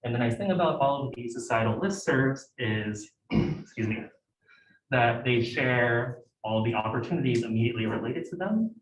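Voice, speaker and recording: Speaking in a mid-range, expressive voice at normal speed with hardly any pauses, a young man addresses a student club as its guest speaker. It's a casual lecture-room presentation, filler-heavy and self-interrupting. Heard from afar in an echoey space, there's a little background noise.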